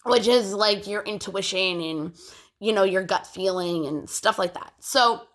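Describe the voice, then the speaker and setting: A young woman chatting casually to her phone camera, rambling with lots of fillers and clearing a phlegmy throat. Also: mid-range voice, measured pace. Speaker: vlogger.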